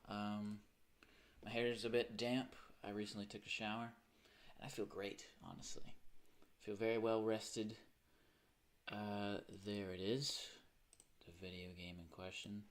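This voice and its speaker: A man's voice: on the low side, fairly bright tone. A young man chatting casually to his audience while streaming a game at home, rambling and often correcting himself. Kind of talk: casual livestream chat.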